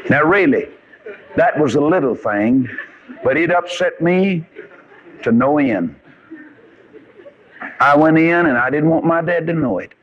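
A man's voice: on the high side, lively intonation, measured pace, pauses often, a little hiss or hum. A man preaching a sermon, telling folksy stories with rising and falling emphasis. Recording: dull lo-fi radio recording.

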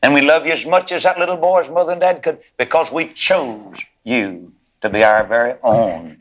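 A man preaching a sermon, voicing a loving adoptive father who gently reassures his son. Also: medium pitch, normal speed, lo-fi sound, voice pushed up, natural voice. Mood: tender. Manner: tender, comforting.

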